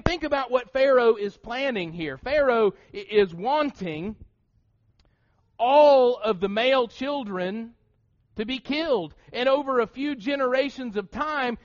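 Brief: thirties male pastor, Appalachian accent, sermon delivery, tenor-ish voice, slightly muffled recording. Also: very high-pitched. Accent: Appalachian American. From Southern United States. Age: 30s. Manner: repetitive restarts, rhetorical questions. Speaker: preacher. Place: church sanctuary. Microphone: shared pulpit mouthpiece mic.

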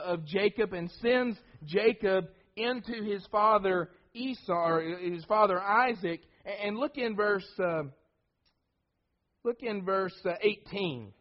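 A man's voice: high-pitched, takes it slowly, highs cut off. A man preaching a sermon, emphatic, often repeating words and restarting phrases.

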